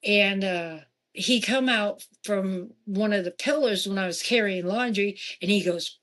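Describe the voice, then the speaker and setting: A woman's voice: measured pace, hardly any pauses. Woman telling a ghost story. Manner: animated, jumping in pitch for quoted voices. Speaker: guest. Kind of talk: casual storytelling.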